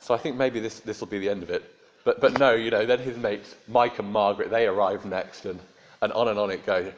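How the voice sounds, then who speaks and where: A man's voice: lowish voice, steady tone, a little fast, a little hiss or hum. A man preaching a sermon in a conversational storytelling way with dry humor. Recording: dull lo-fi sermon recording.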